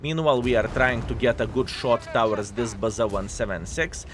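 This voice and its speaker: A man's voice: medium pitch, fairly even intonation, moderate pace, slight background noise. Sarcastic male gameplay commentator. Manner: sarcastic, repeats phrases, many fillers. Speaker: game commentator.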